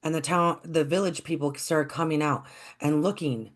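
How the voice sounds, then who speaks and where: A storyteller telling a folktale in a gentle, reflective, unhurried way. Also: mid-range voice, steady tone.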